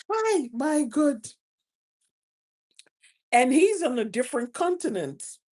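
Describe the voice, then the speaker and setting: A woman speaking slowly in a casual motivational talk. She laughs often and repeats key phrases for emphasis. Her voice sits a little high. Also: very animated, a little mellow. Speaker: host, spiritual advice speaker.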